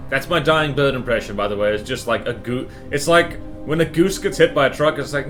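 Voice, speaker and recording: A man's voice: medium pitch, expressive, fairly quick, hardly any pauses, fairly bright tone, faint music behind. Jokey male game streamer. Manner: jokey, reads game text aloud between quips. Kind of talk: casual gameplay commentary and reading game text.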